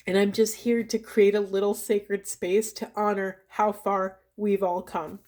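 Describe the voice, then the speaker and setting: A woman, a spiritual coach, doing an oracle card reading to camera in a soft, earnest, heartfelt way that turns tearful. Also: mid-range voice, flat delivery, measured pace, few pauses.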